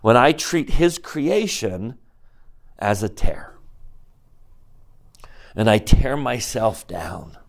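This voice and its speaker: A man at a middle pitch leads a scripture lecture. He keeps questioning his listeners and moves between quiet, reflective asides and emphatic climbs. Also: very animated, drawn-out words, gravelly, pauses often. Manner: questions the class directly. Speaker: religious teacher.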